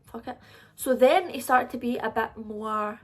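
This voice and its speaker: A young Scottish woman in her twenties telling a story straight to camera. She talks in a chatty, confiding way, packed with fillers, and her voice sits a bit high. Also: unhurried, soft background music. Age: 20s. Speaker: vlogger. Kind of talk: casual storytime vlog.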